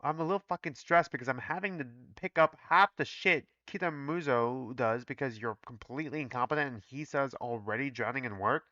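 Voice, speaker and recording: A man's voice: medium pitch, brisk, few pauses, bright, forceful tone, no echo, muffled recording, close to an everyday voice. A man voicing an irritable, overworked male staff doctor who talks curtly and swears. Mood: irritated. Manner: curt, swearing, exasperated.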